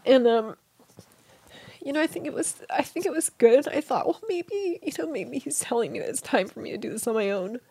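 A middle-aged woman telling a personal story in a soft, halting way, often dropping to a whisper. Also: fairly high pitch, creaky, breathy edge. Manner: soft, halting, with many restarts and whispered moments. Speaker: guest.

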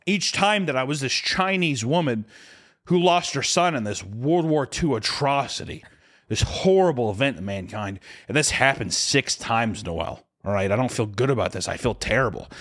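A drunk man telling a comic podcast story in a rambling, profane way, now and then breaking into shrill screams for a bit. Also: fairly bright tone. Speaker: podcast co-host. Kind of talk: comedic storytelling.

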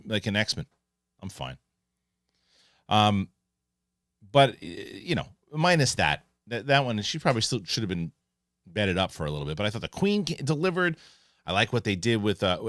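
A man hosting an online show, giving a casual spoken review of a TV episode, animated and full of restarts. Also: lowish voice, no room sound, studio quality. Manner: animated, restarts often, acts out characters in quick asides.

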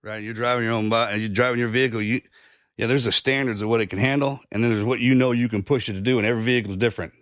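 A man's voice: medium pitch, fairly even intonation, rapid-fire, a bit bright, no echo, clean studio sound. A man hosting a podcast in casual chat, folksy and rambling through homespun analogies, swearing along the way. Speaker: podcast host.

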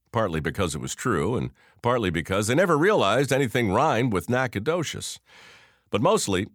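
A man's voice: medium pitch, dry recording, clean studio sound. A man narrating a scripted story in a folksy, wry storytelling manner.

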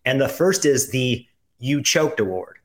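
A man's voice: medium pitch, lively intonation, measured pace. A man co-hosting a sports podcast with a wry, joking delivery. He hands out tongue-in-cheek awards and likes puns. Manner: wry, joking, pun-loving. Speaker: podcast co-host. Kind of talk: casual sports chat.

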